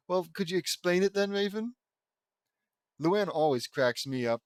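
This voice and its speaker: Man, fairly high voice, dry close mic, sarcastic comedic reader who keeps stopping to mock the text. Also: lively intonation, no echo. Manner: exasperated, sarcastic asides and quick mock voices. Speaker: reader mocking a fan fiction. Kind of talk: sarcastic comedic dramatic reading.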